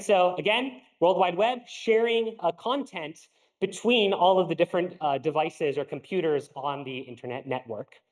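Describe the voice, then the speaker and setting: Young male lecturer, high voice, casual and halting, classroom lecture. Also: rough recording. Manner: casual, lots of fillers and restarts. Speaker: university lecturer. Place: lecture hall.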